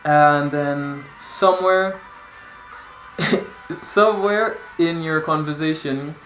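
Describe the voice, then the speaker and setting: A young man from Dominica talks casually to camera in an animated way. He repeats words and acts out conversations as he goes. The room is echoey and faint music plays behind him. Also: on the high side, slow. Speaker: vlogger. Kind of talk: casual storytelling vlog.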